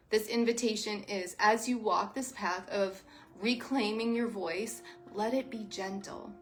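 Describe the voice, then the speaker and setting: A woman teaching yoga and sound healing talks softly and earnestly to her viewers on a livestream. She sounds emotional, close to tears, and her voice sits in a middle range. A faint background hiss runs under the recording. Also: mid-range voice. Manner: soft, emotional, heartfelt, addresses viewers as "you guys". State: near tears.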